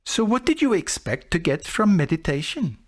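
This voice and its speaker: Man doing a calm male monk teacher, higher voice, lively lilt, gently questioning, measured audiobook reading. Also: exaggerated voice. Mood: patiently questioning.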